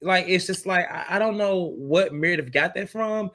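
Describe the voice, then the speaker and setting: A man's voice: high voice, normal speed, bright, forceful tone. A man co-hosting a casual reality TV recap podcast, giving emphatic, rambling opinions. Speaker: podcast co-host.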